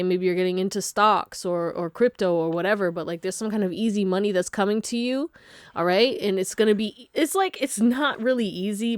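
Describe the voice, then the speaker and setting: A woman's voice: medium pitch, dry recording, clean studio sound. Chatty woman giving a tarot reading. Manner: chatty, laughs often, slangy asides to viewers. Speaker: tarot reader. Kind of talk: casual pick-a-card tarot reading.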